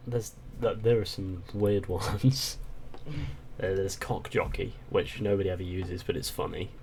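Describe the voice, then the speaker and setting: A British man hosting a casual livestream chat, talkative and quick to swear and laugh. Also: low voice, fairly even intonation, creaky, darkish tone, a little hiss or hum. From Britain. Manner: chatty, swears and laughs freely. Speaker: channel host.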